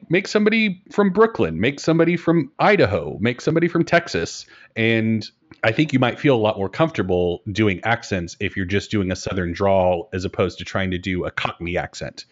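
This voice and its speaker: A man talking as a game master in a relaxed podcast conversation, chatty and self-deprecating. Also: low-pitched. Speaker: game master and host of a broadcast tabletop game show. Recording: dull lo-fi recording.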